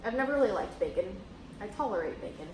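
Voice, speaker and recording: A woman's voice: mid-range voice, expressive, quick pace, darkish tone. A young woman chats casually while eating on camera, her stories loose and full of fillers. The room around her rings with a noticeable echo. A faint hiss sits underneath. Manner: chatty, filler-heavy storytelling with laughs. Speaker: host. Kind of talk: casual mukbang chat. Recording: echoey room with faint noise.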